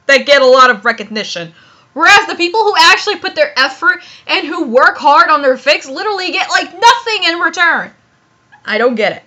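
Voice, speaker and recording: Woman doing a comedic fanfic read-aloud, high and animated, quick to shout in disbelief. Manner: bursts into loud exasperated shouts and laughter. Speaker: YouTuber reading fan fiction aloud. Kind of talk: comedic dramatic reading with commentary.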